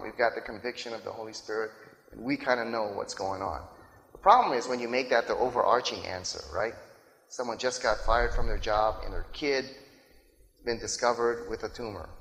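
A man preaching a sermon in a casual, talky way, pausing to ask his listeners "right?" as he goes. His voice sits at an ordinary pitch. It rings out with a long reverb, as if in a large hall. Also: fairly bright tone, slight background noise. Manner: conversational preaching, frequent "right?" asides. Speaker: pastor.

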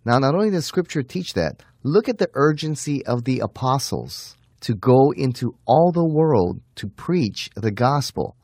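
A man giving an earnest apologetics talk, slowing down to stress key phrases. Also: medium pitch, very animated, a little mellow, dry recording, studio quality. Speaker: Christian apologist teacher.

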